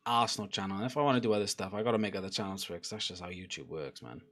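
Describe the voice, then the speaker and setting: Chatty young lad reacting live. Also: male voice, sits low, rapid-fire. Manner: chatty, swears, shouts at the players, laughs often. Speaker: football watchalong streamer. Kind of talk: casual live match reaction.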